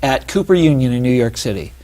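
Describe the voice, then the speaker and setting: A man talking as an author and interview guest, animated and digressive, with many asides and restarts. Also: medium pitch, quick pace. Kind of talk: casual interview talk.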